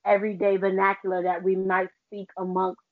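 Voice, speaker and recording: A woman's voice: medium pitch, completely flat delivery, a little fast. American woman cohost laying it out, emphatic, swearing, muffled lo-fi audio. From United States. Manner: emphatic, explanatory, profane. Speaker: podcast co-host. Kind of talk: casual chat.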